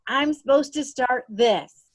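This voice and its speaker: A woman hosting a podcast, asking an interview guest questions in an encouraging, unhurried way. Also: sits high, no room sound. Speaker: podcast host.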